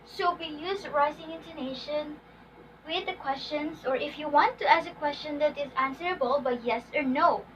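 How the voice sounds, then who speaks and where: High bright woman teacher, distant mic. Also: normal speed. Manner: frequent checking "okay?", modeling example sentences aloud. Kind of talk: classroom lesson on intonation. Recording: distant mic, dull lo-fi sound, faint noise.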